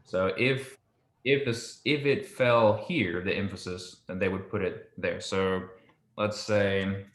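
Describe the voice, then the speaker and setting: A man gives a patient one-on-one language lesson, talking slowly and pausing to check that it all makes sense. His voice sits a little low and has a bright, forceful edge. The room around him rings with echo. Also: fairly even intonation. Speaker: Hebrew teacher. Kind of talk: one-on-one online tutoring.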